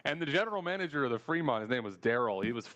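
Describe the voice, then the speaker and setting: A man tells stories on a casual podcast, swearing freely and acting out the people in his anecdotes. His voice sits at an ordinary middle pitch. He is relaxed, talkative and full of energy as he tells the tale. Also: very fast, muffled recording. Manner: profane, animated storyteller who acts out quoted people. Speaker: podcast host. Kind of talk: casual storytelling chat.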